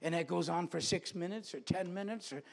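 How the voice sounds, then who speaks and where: Male preacher, high-pitched, earnest sermon delivery with repeated phrases, church setting. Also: fairly quick, vocal fry.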